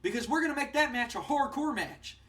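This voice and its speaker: A man playing a boastful, indignant middle-aged wrestling manager as an impression in a wrestling sim playthrough, speaking in fast-talking hype. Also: very high voice, lively intonation, a bit bright, voice pushed up. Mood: indignant bluster. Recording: voice distant from the mic.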